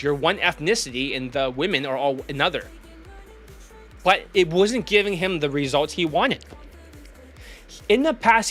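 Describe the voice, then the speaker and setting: A man with a notably high voice delivers a blunt, swear-laden rant as a dating coach, faint music playing under him. He talks as if calling out his viewers directly. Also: pushed and bright. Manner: profane, blunt, ranting. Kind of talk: ranting vlog monologue.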